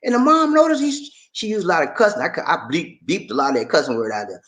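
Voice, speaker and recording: A man's voice: a little high, huge pitch swings, fast talker, hardly any pauses, fairly bright tone, poor audio. A man hosting a casual livestream, chatting to his viewers and calling them y'all. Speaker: livestream host.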